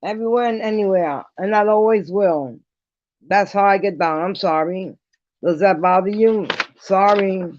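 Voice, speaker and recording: A woman ranting bluntly to her viewers in a casual vlog, defiant and dropping quick apologies. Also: mid-range voice, darkish tone. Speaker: vlogger. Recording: dull lo-fi dry sound.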